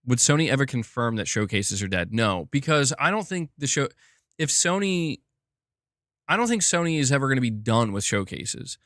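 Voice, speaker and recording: In a clean, dry studio recording, a young man with a mid-range, slightly bright voice speaks at normal speed with big swings in pitch. He chats casually on a gaming news stream, reading viewer comments, rambling, leaning on "like" and restarting sentences often.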